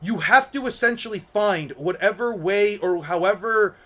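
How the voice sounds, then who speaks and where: A man's voice: high-pitched, moderate pace, a bit bright. A young man hosting an anime commentary channel, ranting casually, rambling, repeating words and swearing. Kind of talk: casual opinion rant.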